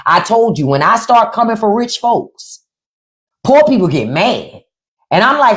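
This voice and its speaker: A woman hosts a livestream, speaking at a moderate pace in an expressive mid-range voice. Her unscripted commentary is blunt and full of profanity, with repeated lines for emphasis and sarcastic turns.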